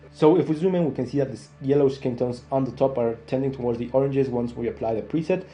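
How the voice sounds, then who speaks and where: Young male tutor with a deep, dark tone and soft music underneath. Walks viewers through edits step by step. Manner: steady step-by-step walkthrough, addressing viewers as guys. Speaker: photo editing tutor. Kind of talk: screen-recorded software tutorial.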